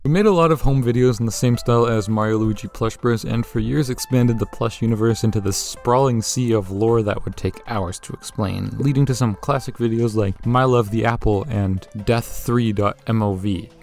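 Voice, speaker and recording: Young male vlogger, scripted jokey narration, average pitch, light music bed. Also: moderate pace, few pauses. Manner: jokey, lively, with swearing and laughs. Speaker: YouTuber.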